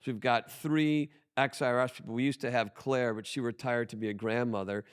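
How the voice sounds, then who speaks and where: A man's voice: mid-range voice, steady tone, fairly quick, clear, resonant tone. A man talking as a podcast guest about his business, emphatic and full of restarts. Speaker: guest, tax firm owner. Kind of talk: conversational podcast interview.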